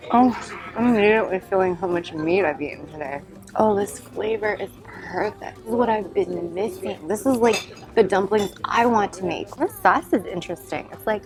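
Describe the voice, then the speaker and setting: A young woman vlogging as she tastes food, talking casually and humming between bites. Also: mid-range voice. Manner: enthusiastic, savoring, murmurs and hums between bites. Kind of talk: casual food tasting vlog.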